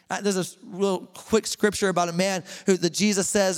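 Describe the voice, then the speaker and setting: A young man preaches in a church, and his high voice carries a long hall reverb. He retells the stories loosely and with energy, dropping slang like an old friend. It is a casual, lively sermon from the pastor himself. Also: moderate pace, clear, resonant tone. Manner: casual, animated storytelling with slang.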